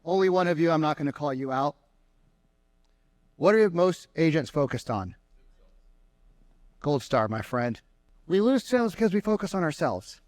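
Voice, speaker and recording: A man giving an energetic sales seminar to a live room, firing questions at the crowd. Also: a little high, normal speed, long pauses, no echo. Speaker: sales trainer. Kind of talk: live seminar talk to an audience. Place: meeting room with an audience.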